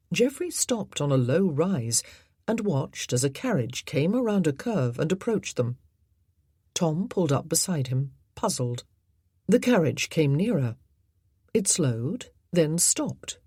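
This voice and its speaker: Husky woman narrating an audiobook. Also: sits low, mellow, no room sound, clean studio sound.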